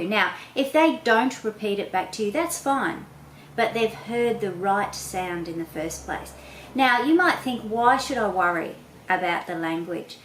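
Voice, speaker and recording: A woman patiently explaining children's speech sounds to parents, sounding out each sound slowly and clearly. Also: medium pitch, reverberant, slight background noise, low-quality recording. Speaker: literacy educator. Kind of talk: instructional talk to parents.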